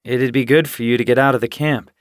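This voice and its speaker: A man's voice: mid-range voice, steady tone, fast, no room sound, studio quality, natural voice. Restless young tomcat apprentice in an audiobook, eager and probing; a male narrator plays him. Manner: eager, questioning.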